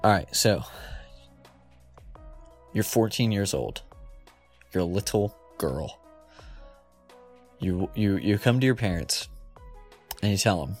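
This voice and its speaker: A man's voice: low voice, lively intonation, unhurried, pauses often, faint music behind. A man hosting a comedy show, rambling playfully, giggling and correcting himself as he goes. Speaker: comedy podcast host.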